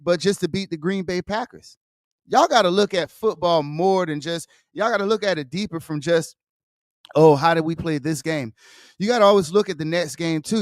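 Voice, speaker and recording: A man with a noticeably high voice ranting about sports as a podcast host. He talks casually and heatedly, swears freely and circles back on his words. The sound is dry and close, with no room around it. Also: dry recording. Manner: heated, profane, repeats himself.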